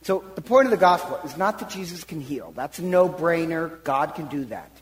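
A man, a priest, retelling a Bible story in a sermon, animated and full of acted-out quotes. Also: fairly high pitch, normal speed, big-room sound, low-quality recording. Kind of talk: sermon-style Bible teaching.

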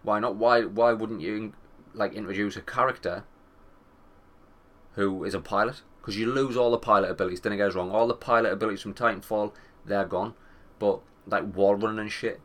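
Young male gaming vlogger, a touch low-pitched; loose, profane, wry chatter. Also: steady tone, brisk, fairly bright tone. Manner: rambling, sweary, wry. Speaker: gaming commentator. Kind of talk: casual gaming chat.

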